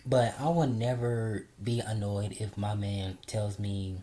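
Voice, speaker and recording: A woman co-hosting a casual chat, blunt and quick to laugh. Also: rumbling low, steady tone, mellow.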